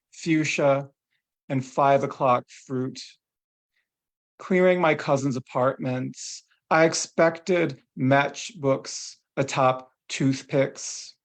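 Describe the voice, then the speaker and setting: A poet reads his short poem with unhurried, deliberate phrasing. He pauses carefully between images. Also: medium pitch. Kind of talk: poetry reading.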